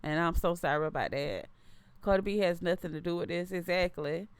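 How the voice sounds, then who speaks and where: Reading out viewer comments and chatting freely, a thirty-something woman hosts a relaxed livestream, frequently restarting and repeating her phrases. Her fairly low, smooth voice moves a little fast in a dry recording.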